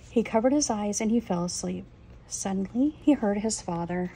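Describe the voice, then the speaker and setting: A woman reading a children's picture book aloud in a gentle storybook manner. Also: medium pitch, animated, normal speed, breathy edge, rough recording. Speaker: reader.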